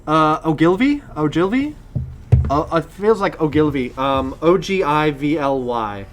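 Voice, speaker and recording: A man co-hosts a live gaming podcast in relaxed chat. His voice sits a little high and he drops dry, joking asides. A faint hum runs underneath. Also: unhurried. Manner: easygoing, wry asides. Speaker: podcast co-host.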